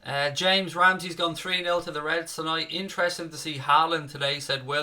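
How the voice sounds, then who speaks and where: A man's voice: a little high, moderate pace, pushed and bright. A young man with a Dublin Irish accent chatting casually on a live football watchalong, reading viewer comments and swearing freely at his desk. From Ireland (Dublin). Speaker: fan channel co-host running a live match watchalong. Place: home room, at his desk. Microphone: desk setup with webcam.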